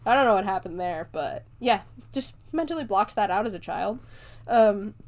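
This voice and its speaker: A woman's voice: medium pitch, animated, normal speed, darkish tone. A young woman hosting a podcast, chattily recapping a movie with lots of fillers and casual swearing. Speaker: podcast host.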